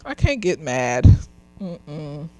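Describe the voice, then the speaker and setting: A slightly tipsy woman, a therapist, reviewing a TV episode in blunt, profane casual talk, laughing often and swinging from loud outbursts to quiet muttering. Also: deep voice, sing-song, slow, no room sound, low-quality recording. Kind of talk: casual commentary vlog.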